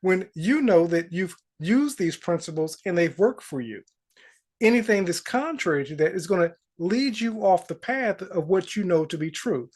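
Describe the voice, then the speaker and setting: A man who coaches manifestation, giving a motivational spiritual talk and quoting scripture slowly. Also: high-pitched. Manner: slow, deliberate storytelling, quoting scripture.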